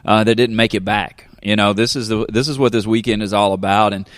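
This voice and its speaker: A man's voice: on the low side, fairly even intonation, brisk, no room sound, clean studio sound. A man from Kentucky with a Southern drawl, a pastor hosting a podcast in a rambling, jokey way full of fillers and asides. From Kentucky, United States. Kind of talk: casual podcast chat.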